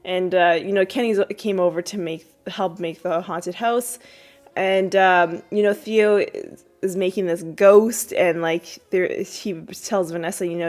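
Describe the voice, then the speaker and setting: A woman hosting a podcast, casually recapping a TV episode in a rambling way, with many fillers and restarts, her voice jumping up when she quotes characters. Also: moderate pace. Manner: jumps high when quoting characters. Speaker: podcast host.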